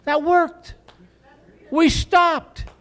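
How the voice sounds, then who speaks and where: Man, stand-up comic, high voice, animated, club stage, handheld mic. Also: drawn-out words. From Chicago. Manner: animated, acts out cops with loud siren sounds and accents. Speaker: stand-up comedian. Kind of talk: stand-up comedy set.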